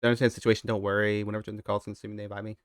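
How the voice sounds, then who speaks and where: A man's voice: lowish voice, little pitch movement, rapid-fire, dry recording, clean studio sound. A young man streaming, rambling casually and talking straight to his chat.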